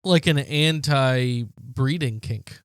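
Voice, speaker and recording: A man's voice: medium pitch, clear, resonant tone, dry recording, studio quality. A man cohosting a casual comedy podcast, talking bluntly and swearing freely. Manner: blunt, swears freely, reads slowly and haltingly. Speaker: podcast co-host.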